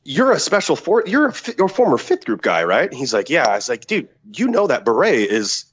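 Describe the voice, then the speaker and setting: A man's voice: fairly high pitch, fairly quick, husky, dull audio. A man, a former special forces soldier and podcast guest, telling a story in casual, profane talk and acting out the quotes. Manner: profane, animated, acts out quotes.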